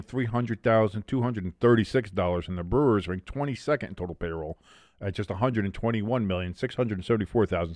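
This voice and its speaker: A man's voice: fairly low pitch, a little mellow, no echo. A young man casually commenting on a football game live for a stream, reading chat aloud and swearing freely. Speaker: watch-along streamer.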